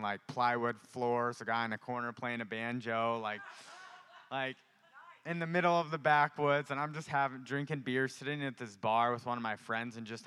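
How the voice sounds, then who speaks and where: A young man from Louisiana giving an impassioned testimony sermon, rising to loud outbursts and dropping to whispered prayers. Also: medium pitch, smooth. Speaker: preacher.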